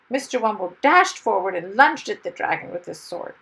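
A woman reading a children's story aloud in a lively, expressive way. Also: medium pitch, normal speed, creaky, few pauses, husky, poor audio.

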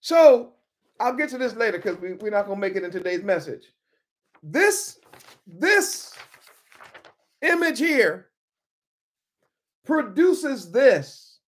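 A woman's voice: a little high, very animated, slow, long pauses. A woman teaching from the Bible in an informal sermon style, emphatic, repeating key words and calling on listeners by name.

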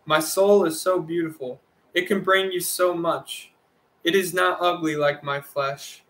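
A man voicing a distraught lonely woman, tearful, pleading, audiobook reading, bright tone, flat delivery. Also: on the high side, measured pace.

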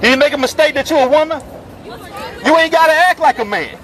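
A man with a strikingly high voice preaches out in the open on a busy street, forceful and repetitive as he calls out the passersby. Chatter from the crowd and passing traffic press in around him. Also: quick pace, poor audio. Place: busy city street outdoors. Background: crowd chatter and passing vehicles.

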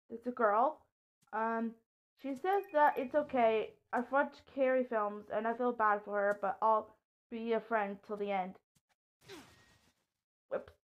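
A woman vlogger commenting on a mobile game and telling a personal story, hesitant with many ums and sudden excited outbursts. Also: on the high side, dull audio. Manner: hesitant, lots of ums and restarts; excitable outbursts during play. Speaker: gaming vlogger.

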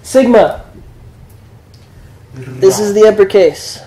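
A young man casually teaching letters to a small group, relaxed and chatty. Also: high-pitched, slow pace, rough recording. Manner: relaxed, chatty, with fillers and laughs.

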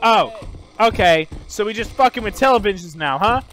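Loud, cussing man yelling taunts. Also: sits high, animated, normal speed. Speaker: gamer streamer. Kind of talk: trash-talking in game voice chat.

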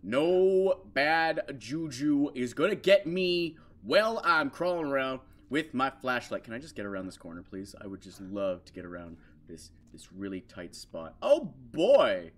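A man's voice: mid-range voice, sing-song, unhurried. A man commentating a horror game as he plays, jumpy and muttering to himself, breaking into shrieks when scared. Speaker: gaming channel host.

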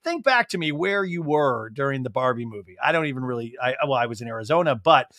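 A man's voice: medium pitch, lively intonation, fast talker, a bit bright, no room sound, clean studio sound. A man hosting a comedic TV recap podcast, talking in a sarcastic, riffing way. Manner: sarcastic, riffing, jumps into silly impressions. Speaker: podcast host.

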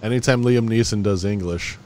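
A man's voice: lowish voice, a little fast, darkish tone. Blunt, swearing podcast co-host, a man. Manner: blunt and profane, talks in restarts. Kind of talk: casual podcast banter.

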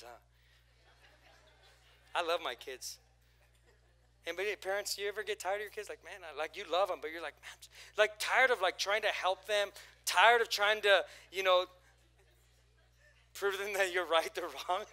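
Bright-voiced pastor preaching with swings in volume. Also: male voice, a little high. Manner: animated, swings from hushed to shouting, playful. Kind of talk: sermon. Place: church.

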